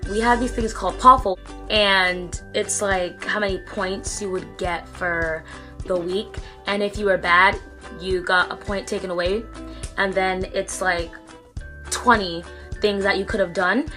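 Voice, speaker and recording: A teenage girl telling a story in a casual vlog, chatty with many fillers, acting out what people said. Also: medium pitch. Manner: chatty, lots of fillers and quoted dialogue. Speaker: vlogger.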